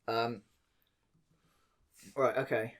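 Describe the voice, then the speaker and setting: A man from England co-hosting a casual podcast, animated and quick to swear and tease. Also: medium pitch. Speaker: podcast co-host. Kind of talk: casual chat.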